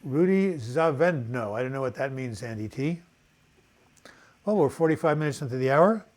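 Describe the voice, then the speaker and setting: A man's voice: mid-range voice, lively intonation, moderate pace. Older guy reading viewer comments on a live stream, lots of ums, loose and rambly, laptop mic. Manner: chatty, warm-hearted, loose and rambling with many fillers. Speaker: host of a live video chat.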